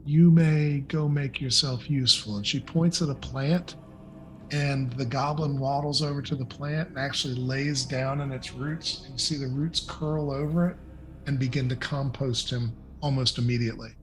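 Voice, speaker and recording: A man narrating a tabletop game as dungeon master, in a relaxed, descriptive way with frequent fillers. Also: mid-range voice, normal speed.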